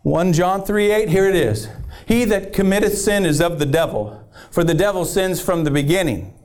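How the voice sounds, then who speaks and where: A man's voice: high-pitched, moderate pace, a little mellow. A middle-aged man preaching a fiery sermon, emphatic and fired up.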